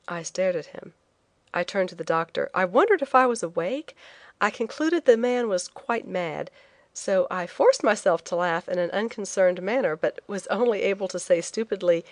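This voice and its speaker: Low-voiced woman reading a memoir. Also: lively intonation, fairly quick, no room sound. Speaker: audiobook narrator. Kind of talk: first-person memoir reading.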